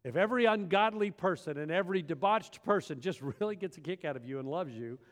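A man's voice: high-pitched, animated, fast. A man preaching a sermon with emphasis, often posing rhetorical questions to his congregation. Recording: long hall reverb.

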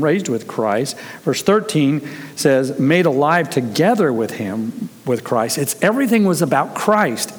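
Man preaching in an echoing hall. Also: on the high side. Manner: earnest, storytelling, animated when quoting. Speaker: pastor. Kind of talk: conversational sermon. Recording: long reverb of a large hall.

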